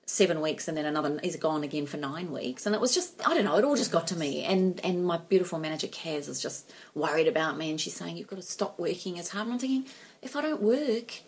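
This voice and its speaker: A woman's voice: fairly low pitch, expressive, fast talker, slightly rough. A middle-aged woman, co-hosting a casual chat and telling a story animatedly, acting out quotes and laughing often. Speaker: podcast co-host. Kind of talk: casual chat among friends.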